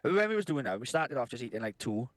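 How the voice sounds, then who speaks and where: Fast-talking man telling crude stories. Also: medium pitch, big pitch swings, no echo. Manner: laughing, swearing constantly, acts out quotes. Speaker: podcast co-host. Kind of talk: crude casual storytelling.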